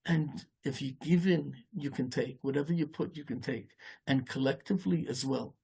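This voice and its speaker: Gravelly-voiced rabbi giving a halting sermon. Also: male voice, medium pitch, darkish tone. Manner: rambling, halting delivery with many restarts, mixing Hebrew and Yiddish terms.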